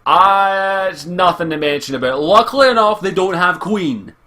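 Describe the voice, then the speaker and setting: Bright-voiced, swearing Scottish man. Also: sits high, animated, moderate pace. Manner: profane, exasperated, rambling. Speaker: anime reviewer. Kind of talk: casual ranting review.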